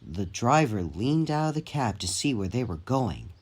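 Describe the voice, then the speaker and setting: A man narrating a children's train story in an expressive storybook manner. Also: medium pitch, normal speed. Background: music.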